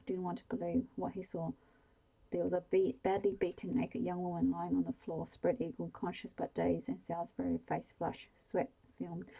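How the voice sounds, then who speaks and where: A woman reading a bedtime story aloud in a soft, hushed ASMR manner that often slips into whispers. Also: on the low side, gravelly, slightly rough, rough recording.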